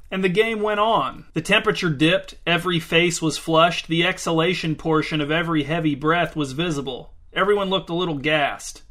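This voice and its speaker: A man's voice: sits high, pushed and bright. A man reading a story aloud in a dry, wry narration. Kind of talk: scripted narration.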